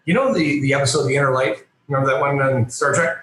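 A man, a comic book artist and guest, telling a lively, self-mocking story in a casual interview. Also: medium pitch, fast, heavy reverb, a loud crowd, poor audio. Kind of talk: animated anecdotal storytelling.

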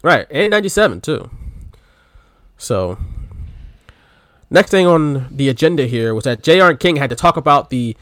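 A man co-hosting a podcast in relaxed, offhand casual chat, full of little fillers. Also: a little high, moderate pace, pauses often, no echo, clean studio sound. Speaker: podcast co-host.

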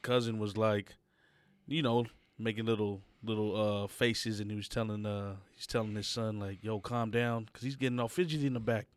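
A man co-hosting a casual podcast who tells stories with animation and slips into high mock voices. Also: steady tone, a little fast, no echo. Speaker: podcast co-host. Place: indoor home studio.

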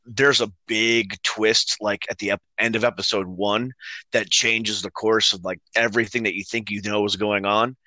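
This is a man in his thirties with a lowish voice and a bright, forceful tone. He co-hosts a casual chat and rambles through anecdotes with fillers and easy laughs, recorded dry and close. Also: normal speed, dry recording. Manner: relaxed storytelling with laughs and frequent fillers. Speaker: co-host.

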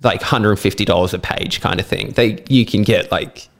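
A man co-hosting a podcast who chats in a relaxed way, laughs easily and leans on "like" as he talks. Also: on the low side, normal speed, creaky. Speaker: podcast co-host. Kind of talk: casual podcast chat.

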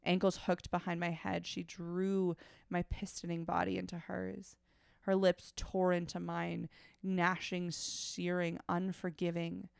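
Low, gravelly woman reading aloud. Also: completely flat delivery, unhurried, dry recording, clean studio sound. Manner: breaks off from reading to make frank, wry asides. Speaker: podcast co-host. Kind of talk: reading fiction aloud with commentary.

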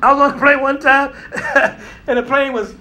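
Animated high-voiced male preacher. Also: moderate pace. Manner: animated storytelling, acts out voices, laughs often. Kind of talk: sermon.

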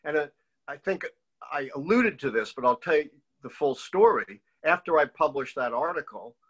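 A man's voice: on the high side, normal speed, slightly rough, lo-fi sound. An older man, a political historian, telling stories in an interview and acting out the people he quotes. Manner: animated storyteller who acts out quoted voices. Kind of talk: storytelling interview.

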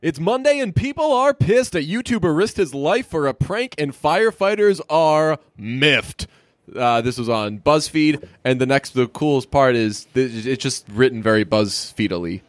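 A man's voice: on the high side, expressive, normal speed, no room sound. A man co-hosting a casual comedy podcast, rambling and joking as he reads headlines aloud. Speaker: podcast co-host. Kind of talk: casual chat.

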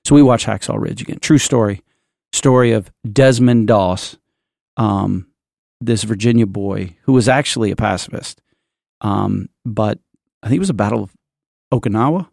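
A man's voice: on the low side, moderate pace, vocal fry, darkish tone, no echo, clean studio sound. A man hosting a casual church podcast, rambling through a story with many restarts and asides. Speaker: podcast host.

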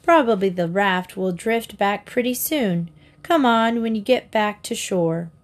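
A woman's voice: medium pitch, a little slow, close to an everyday voice. Woman doing a bossy taunting girl. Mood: dismissive. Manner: taunting and hard. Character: bossy, taunting girl who dares others.

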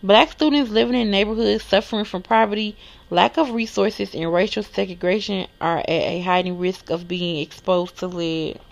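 A woman hosts her own podcast, reading news items aloud and commenting on them in a loose, chatty way. Her mid-pitched voice carries a gravelly fry. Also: steady tone, moderate pace. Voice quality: lisp. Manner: casual, chatty, reads articles aloud then reacts. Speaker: podcast host.

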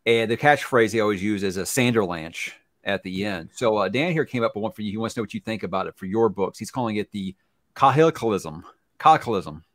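A man hosting an interview, talking in a lively, rambling way with many restarts. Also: fairly low pitch, fast talker, dry recording, studio quality. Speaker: host. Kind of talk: casual interview chat.

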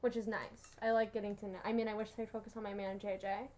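A woman's voice: mid-range voice, little pitch movement, quick pace, darkish tone. A young woman chatting casually on a podcast, giggly and gushing, full of "like". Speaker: podcast co-host. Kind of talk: casual chat.

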